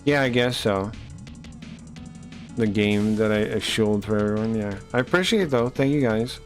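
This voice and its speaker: A man's voice: lowish voice, normal speed, soft background music. A man streaming a game, chatting casually in a loose, rambling, profane way. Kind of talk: casual live-stream chat while playing.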